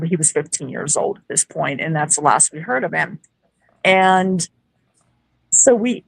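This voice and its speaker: A woman's voice: fairly low pitch, vocal fry, no room sound, low-quality recording. A woman guest who is a paranormal investigator, telling a story casually and acting out quoted dialogue. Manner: lively, acts out quoted dialogue.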